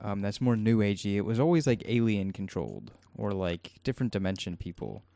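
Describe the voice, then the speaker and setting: A man's voice: fairly low pitch, animated, brisk, creaky, dark tone, no echo. A man co-hosting a podcast in casual chat, rambling and laughing easily. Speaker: podcast co-host.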